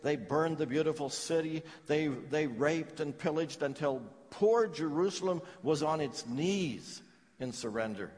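A middle-aged man preaching a sermon, swinging from loud declarations to hushed, heavy phrases. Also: fairly high pitch, unhurried, long reverb tail. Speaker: pastor.

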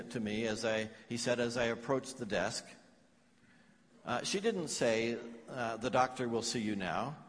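A man preaching a sermon as pastor, telling stories earnestly with pauses and restarts. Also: mid-range voice. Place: large church hall. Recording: long hall reverb.

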